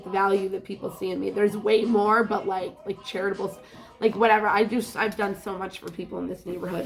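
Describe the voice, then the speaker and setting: A woman's voice: mid-range voice, creaky, fairly bright tone. A woman telling a rambling story in a casual vlog, laughing often and swearing freely. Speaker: vlogger.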